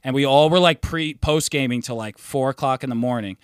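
A man's voice: medium pitch, brisk, clear, resonant tone, no room sound, clean studio sound. A young man in his twenties co-hosting a casual podcast, telling rowdy party stories with loose swearing and laughter. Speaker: podcast co-host. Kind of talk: casual chat.

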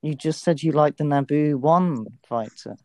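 A man's voice: fairly high pitch, moderate pace, warm tone, dry recording. A young man co-hosting a casual podcast and asking the questions, dry and matter-of-fact.

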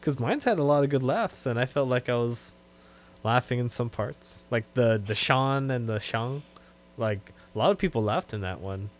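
A man co-hosting a podcast in casual chat, relaxed and laughing easily. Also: mid-range voice, normal speed. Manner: relaxed, trailing off, laughs often. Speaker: podcast co-host.

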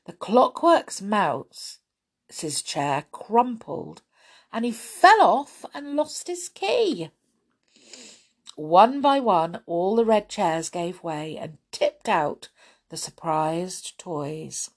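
Slow, expressive woman reading a children's story. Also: on the low side. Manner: expressive, lively, slow and deliberate.

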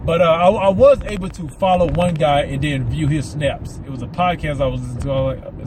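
A man's voice: fairly high pitch, a little fast, hardly any pauses, noisy background. A man with a Southern American accent hosting a casual podcast, rambling and repeating words, with a slight lisp from mouth aligners. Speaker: podcast host. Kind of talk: casual solo podcast monologue.

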